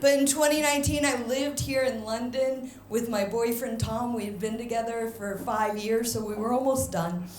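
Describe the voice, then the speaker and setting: A woman's voice: on the high side, moderate pace, hardly any pauses. Brash American woman doing stand-up. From United States. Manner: brash, animated storytelling with mimicry. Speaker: stand-up comedian. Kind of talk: stand-up comedy set. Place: comedy stage with live audience. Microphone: handheld stage microphone. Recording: echoey venue, audience noise.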